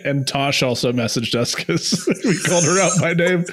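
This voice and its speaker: A man's voice: on the high side, moderate pace, fairly bright tone. A young man co-hosting a podcast, chatting casually and giggling between jokes. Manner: giggly, loose and joking. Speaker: podcast co-host. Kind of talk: casual chat.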